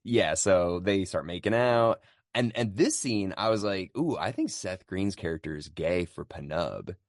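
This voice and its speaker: A man's voice: deep voice, animated, measured pace, dry recording, clean studio sound. A man co-hosting a podcast, recapping movie scenes in a casual, chatty way and acting out quotes. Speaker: podcast co-host.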